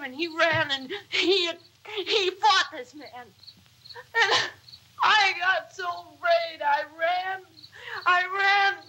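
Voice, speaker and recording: A woman playing a dazed, frightened young woman who speaks in halting, broken phrases. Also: sits high, pushed and bright, slight background noise, exaggerated voice, low-quality recording. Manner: halting, faltering speech. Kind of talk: dramatic reading.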